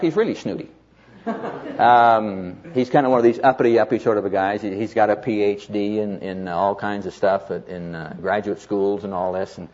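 A man preaching a sermon, telling stories of people he counselled and quoting them as he goes. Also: husky. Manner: animated storyteller, quotes others in lowered voice. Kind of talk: sermon with storytelling. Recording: dull lo-fi sermon recording.

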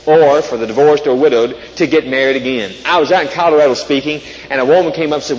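A man's voice: mid-range voice, fast, hardly any pauses. A man speaking on stage through a microphone at a conference, giving a joking, conversational talk and asking the audience questions. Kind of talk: humorous talk to a live audience. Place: large hall with a live audience. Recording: echoey hall, dull sound, faint hiss.

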